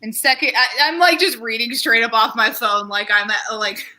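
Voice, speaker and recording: At a normal speed, a young woman performs stand-up in an expressive, slightly high voice that sounds pushed and bright. The comedian and show host rambles and runs herself down, using many fillers and voicing characters, on a low-quality recording.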